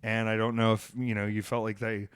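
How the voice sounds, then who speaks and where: A man hosting a podcast in casual chat, an animated storyteller who bursts into loud acted-out bits. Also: fairly low pitch, a little fast, clear, resonant tone, no room sound, studio quality. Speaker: podcast host. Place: near Atlanta.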